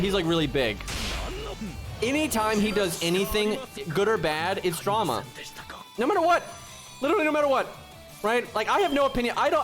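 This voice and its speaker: A man's voice: high voice, fairly bright tone. A man streaming a game, ranting in casual talk and swearing freely, with a "right?" after nearly every point. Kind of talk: casual live-stream rant.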